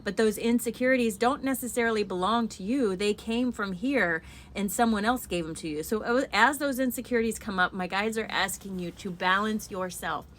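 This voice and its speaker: A woman's voice: mid-range voice, moderate pace, fairly bright tone, a little hiss or hum. Chatty woman giving a spiritual update. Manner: chatty, conversational, addresses viewers directly. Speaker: spiritual energy vlogger. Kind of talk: casual spiritual update to camera.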